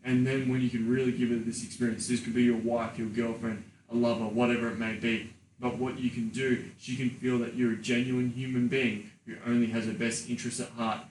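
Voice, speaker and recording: A man co-hosting a podcast in a crude, animated, swear-heavy way. He sits a little off the mic, so his voice sounds distant in a roomy, echoey space with faint noise underneath. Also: mid-range voice, fairly quick. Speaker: podcast co-host and sex coach. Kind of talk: casual podcast chat.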